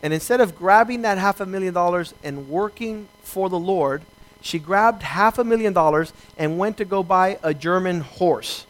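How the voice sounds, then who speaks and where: A man pastor preaching a sermon, reading scripture and acting out short exchanges with emphatic slowdowns. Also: high-pitched, low-quality recording.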